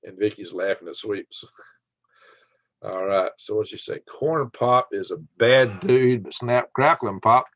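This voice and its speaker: A man with a Southern twang hosting a casual livestream, talking quickly, joking and laughing often as he reads viewer comments. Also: lowish voice, no echo. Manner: fast talker, laughs often, jokey. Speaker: livestream host. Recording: dry, dull lo-fi stream audio.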